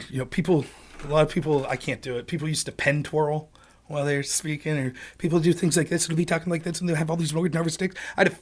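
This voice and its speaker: A man hosting a livestream, talking casually and profanely, sometimes bursting into sped-up rapid-fire talk. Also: fairly high pitch, a bit bright. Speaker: livestream host.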